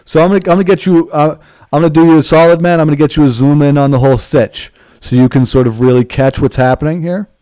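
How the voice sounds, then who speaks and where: A man's voice: on the high side, steady tone, fast talker, dark tone. A man streaming a video game, rambling and joking in casual commentary, swearing freely and calling people man. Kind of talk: casual let's-play commentary.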